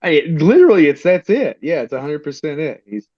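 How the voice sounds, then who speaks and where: A man co-hosting a podcast in casual chat, animated and laughing often as he tells stories. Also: a little high, brisk, no echo, highs cut off. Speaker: podcast co-host.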